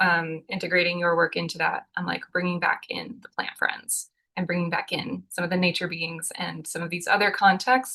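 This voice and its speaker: A woman's voice: fairly low pitch, gravelly, a bit bright. A young adult woman on a podcast, telling a personal story in a chatty, earnest way with many fillers. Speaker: podcast co-host. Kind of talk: casual conversational storytelling.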